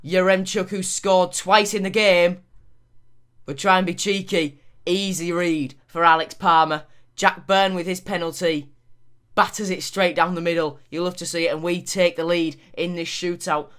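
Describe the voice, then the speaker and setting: A man giving lively video game commentary on a football match. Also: high voice, unhurried, clear, resonant tone. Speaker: gaming YouTuber.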